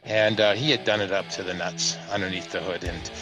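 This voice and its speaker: A man, casually telling a long, animated anecdote on a podcast panel. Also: low voice, fairly quick, low-quality recording. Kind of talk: casual storytelling chat. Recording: music playing underneath.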